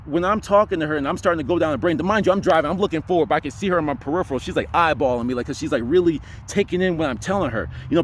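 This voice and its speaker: Brief: quick-talking young male vlogger, rambling storyteller, slightly high voice. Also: slight background noise. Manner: rambling, heavy on fillers like "you know". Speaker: spiritual vlogger. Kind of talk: casual storytelling vlog.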